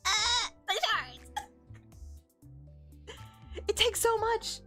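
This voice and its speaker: A woman's voice: extremely high pitch, expressive, very slow, pauses often, pushed and bright, soft background music. A young woman streaming a game, chatting casually with frequent giggles and stammered restarts. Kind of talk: casual chat while gaming.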